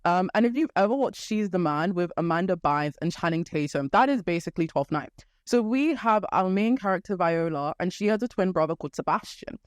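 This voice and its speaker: A young woman hosting a podcast, retelling a story in a casual, playful way and acting out quick quotes from the characters. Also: lowish voice, lively intonation, no room sound, clean studio sound. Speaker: podcast host.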